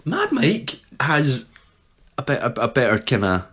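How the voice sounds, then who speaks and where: A man's voice: mid-range voice, huge pitch swings, measured pace, a bit bright, breathy edge. A Scottish man co-hosting a casual podcast chat, dropping dry joking asides. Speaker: podcast co-host.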